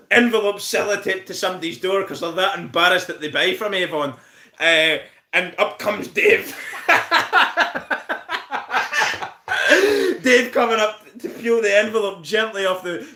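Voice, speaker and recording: A Northern Irish man hosting a live stream, his voice high and bright. He swears freely and breaks into laughter as he ribs his viewers. The room around him is echoey. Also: creaky. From Northern Ireland. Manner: laughs constantly, swears, teases viewers by name. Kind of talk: casual live stream banter.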